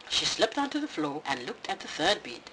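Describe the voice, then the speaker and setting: Expressive bedtime story narrator. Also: mid-range voice, a little fast, noisy background.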